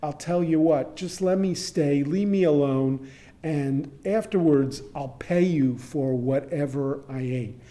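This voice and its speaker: A man voicing an embarrassed guest who quietly begs the host to let him stay in a retold story. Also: on the high side, takes it slowly. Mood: pleading. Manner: hushed, pleading. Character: humiliated man pleading to stay at a party.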